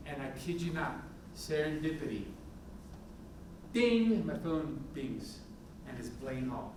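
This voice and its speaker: A middle-aged man, a police chief, giving a candid, animated talk full of anecdotes in a university event hall. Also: a little high, a little slow, pauses often, noisy background. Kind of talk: public talk with war stories. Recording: echoey hall from a distant mic.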